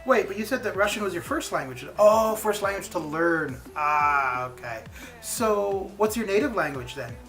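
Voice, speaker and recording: A man's voice: sits high, expressive, normal speed, a bit bright. A man in his forties chatting casually on a live game stream, rambling and answering his chat. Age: 40s. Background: stream background music.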